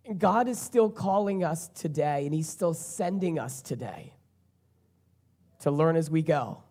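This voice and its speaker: An earnest preacher delivers a sermon in a voice of middling pitch. Key phrases come back again and again for emphasis, in a plain, direct way of talking to a congregation. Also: animated, a little slow, dark tone.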